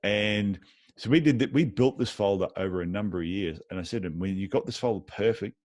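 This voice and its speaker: Man, low voice, dry close sound, casual interview guest, anecdotes full of quoted dialogue. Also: a little fast, darkish tone, dry recording. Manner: tells anecdotes with lots of reported dialogue. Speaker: podiatry clinic owner as guest.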